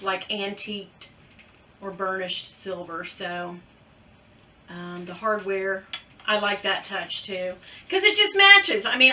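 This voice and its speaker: A woman's voice: medium pitch, bright, forceful tone, far from the mic, slight background noise. A middle-aged woman, chatting playfully to viewers while unboxing a handbag. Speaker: unboxing vlogger. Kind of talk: casual chat.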